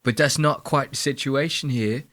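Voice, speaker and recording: A man's voice: mid-range voice, normal speed, fairly bright tone, no room sound, natural voice. Mocking bit: man imitating a self-satisfied young train buff, "mate" after every line. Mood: smug. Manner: smug, dropping "mate" at the end of lines. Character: mocking impression of an eager young male train fan.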